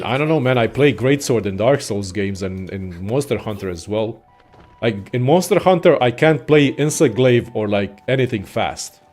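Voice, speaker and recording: A young man casually ranting about games in a profane, excitable, rambling way as a content creator. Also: mid-range voice. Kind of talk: casual gaming rant.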